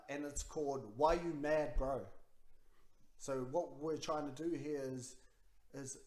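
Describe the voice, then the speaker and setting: Rambling man in an echoey room. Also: on the high side. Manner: rambling, repeats himself, gets worked up and loud. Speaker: podcast co-host. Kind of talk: casual podcast chat.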